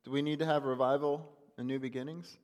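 A man's voice: mid-range voice, fairly even intonation, fast talker, darkish tone, long reverb tail. A man preaching a conversational sermon, asking the congregation many rhetorical questions. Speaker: pastor. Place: church.

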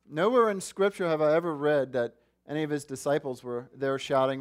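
A man's voice: fairly high pitch, normal speed, hardly any pauses. A man preaching a sermon, earnest and asking his listeners questions. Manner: earnest, asks the congregation questions. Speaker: pastor.

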